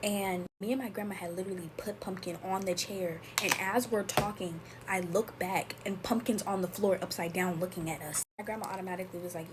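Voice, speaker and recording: A woman's voice: mid-range voice, fairly even intonation, brisk, heavy background noise. A young woman telling a personal story in casual storytime chat, talking straight to her viewers. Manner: chatty, talks straight to viewers as y'all.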